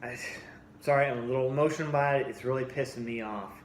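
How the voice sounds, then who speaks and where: A man's voice: medium pitch, fast, a little hiss or hum. A man in his forties giving a blunt, heated opinion rant for his fitness vlog, often restarting and repeating himself. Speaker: fitness vlogger. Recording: echoey room with faint ambience.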